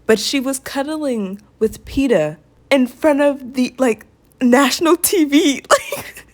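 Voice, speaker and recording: A woman's voice: sits high, slow pace, a little mellow. A woman making playful, teasing remarks in a casual movie rant. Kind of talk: casual movie commentary aside.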